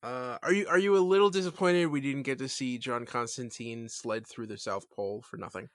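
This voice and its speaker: A man co-hosting a casual TV recap podcast, talking in a halting, laid-back way, full of fillers. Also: mid-range voice, no room sound, studio quality. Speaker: podcast co-host.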